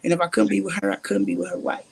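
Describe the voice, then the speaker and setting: Gravelly-voiced woman telling a blunt story. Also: a bass voice, rapid-fire. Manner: animated, blunt and profane, acts out quoted dialogue. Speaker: interview guest, reality show cast member. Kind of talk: candid interview storytelling.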